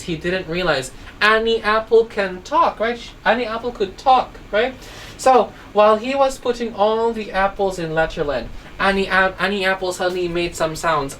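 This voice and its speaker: A woman with a medium-pitched, somewhat bright voice gives kids an online phonics lesson built around a simple story. She constantly asks check questions to make sure they follow, recorded on a distant mic with faint noise behind.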